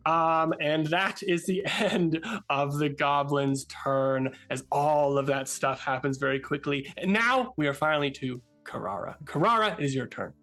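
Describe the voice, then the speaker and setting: Casual game master with soft music. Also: mid-range voice, a little slow, hardly any pauses. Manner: casual, filler-heavy, giggly. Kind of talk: narrating a tabletop game.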